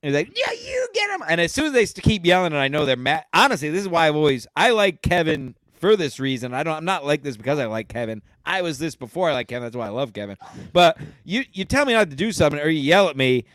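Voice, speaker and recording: A man co-hosting a podcast, telling stories with lots of swearing and laughs. His pitch leaps around constantly, sitting a bit above the usual for a man. The sound is dry and close. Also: fast talker, dry recording. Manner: animated, profane, laughs while telling stories. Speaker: podcast co-host. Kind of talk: casual chat, storytelling.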